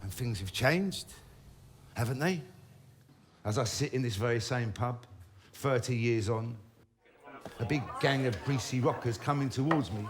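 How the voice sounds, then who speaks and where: A man's voice: medium pitch, a little slow, pauses often, a little hiss or hum. A middle-aged man telling a comic story in a wry, cheeky, conversational manner. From London.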